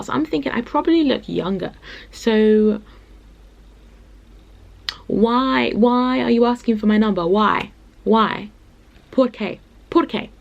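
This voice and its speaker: Young woman, casual vlog storyteller, exasperated and repetitive, gravelly fry in the voice. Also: medium pitch. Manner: exasperated, animated retelling with repeated phrases. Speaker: playwright vlogger. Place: hotel room.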